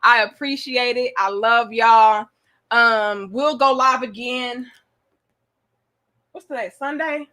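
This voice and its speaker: A woman's voice: fairly high pitch, slow, long pauses, pushed and bright. A young woman hosting a casual live-stream chat, playful and teasing, laughing often. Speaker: host.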